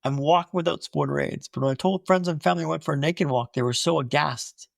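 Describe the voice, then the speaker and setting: A young man telling his own story in an animated way, with punchy short phrases. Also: a little high, fast talker, gravelly, dry recording, studio quality.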